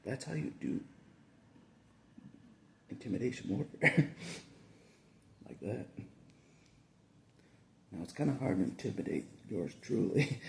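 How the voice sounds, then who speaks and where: Casting: low, gravelly male vlogger with a lively swing in his voice, laughing between lines. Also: a little hiss or hum. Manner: chuckles through nearly every sentence; repeats phrases, restarts often. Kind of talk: casual rambling monologue.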